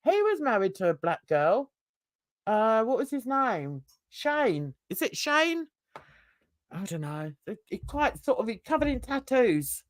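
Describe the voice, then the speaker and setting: A woman's voice: on the high side, sing-song, a little slow, dry recording, clean studio sound. A woman from Britain co-hosting a casual livestream chat, chatty, laughing often and greeting viewers. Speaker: livestream co-host.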